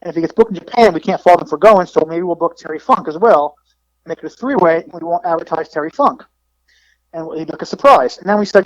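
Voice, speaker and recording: A high-voiced middle-aged man spinning casual stories with lots of restarts. The sound is dull and dry, like a lo-fi remote call. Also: brisk, dry recording. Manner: animated storyteller with restarts. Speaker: wrestling promoter guest. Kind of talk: casual storytelling.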